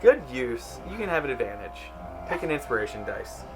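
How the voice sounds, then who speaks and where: A man's voice: mid-range voice, big pitch swings, a little fast, music in the background. A man running a tabletop game as game master, easygoing and checking rules with the players.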